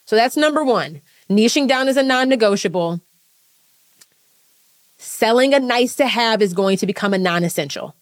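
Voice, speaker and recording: A woman business coach giving a live talk to an audience, fast and emphatic, blunt, with casual swearing. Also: fairly high pitch, lively intonation.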